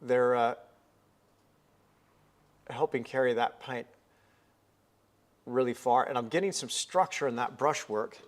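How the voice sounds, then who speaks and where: A man's voice: medium pitch, measured pace, long pauses. A man hosting a live painting stream, chatting in an upbeat way and thinking aloud as he works at the easel. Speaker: painting livestream host. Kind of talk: live painting demonstration chat.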